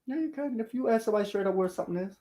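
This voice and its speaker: A man's voice: high voice, very fast, dark tone. A man from Philadelphia in a casual chat, who talks bluntly and profanely in a matter-of-fact way.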